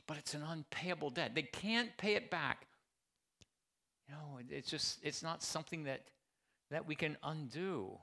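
A man's voice: a little high, a little slow, gravelly, pushed and bright. A man preaching a sermon as pastor, talking to his congregation with rhetorical questions and emphatic repetition.

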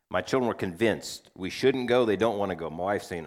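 A man's voice: lowish voice, lively intonation, quick pace, hardly any pauses. A middle-aged man preaching a sermon, telling a family story in a conversational way and acting out the voices of his family.

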